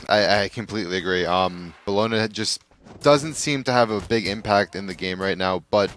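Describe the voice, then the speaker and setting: A man giving measured analysis on an esports broadcast. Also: lowish voice, a bit bright, faint music behind. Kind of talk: color commentary.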